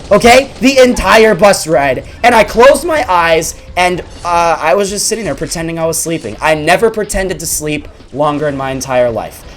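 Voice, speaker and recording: A young man hosting a gaming video, telling a school story over gameplay in an animated, exaggerated way. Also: high-pitched, slight background noise. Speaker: gaming channel host.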